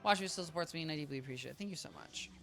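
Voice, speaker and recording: A man streaming a game, chatting casually with viewers in a rambling, self-interrupting way, a little tired and low on energy. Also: rapid-fire, gravelly, a bit bright. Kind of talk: casual live-stream gameplay chat. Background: game music.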